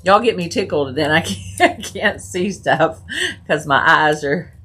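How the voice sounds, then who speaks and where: A woman's voice: sits low, unhurried, pushed and bright, breathy edge. A woman hosting a casual crafting video, chatting and giggling with her viewers as she works. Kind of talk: casual live crafting chat.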